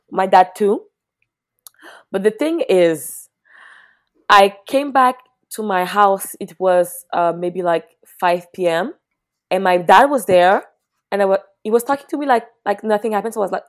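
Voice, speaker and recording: A young woman telling a personal story in casual chat, loose and profane, with many restarts, swinging from hushed to laughing loudly. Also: mid-range voice, measured pace, long pauses.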